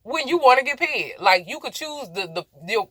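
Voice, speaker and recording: Rambling, bright-voiced woman trucker vlogging. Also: fairly high pitch, sing-song, moderate pace, no echo. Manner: rambling, laughing at herself, talking straight to viewers. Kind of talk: casual chatty explainer vlog. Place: inside a truck cab.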